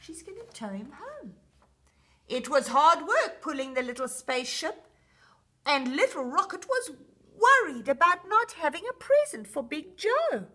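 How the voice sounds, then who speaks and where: A woman storyteller reads a picture book aloud for very young children. She takes her time, and her voice is high, bright and full of lift. Every line rises and falls in a sing-song way. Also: very animated, a little slow.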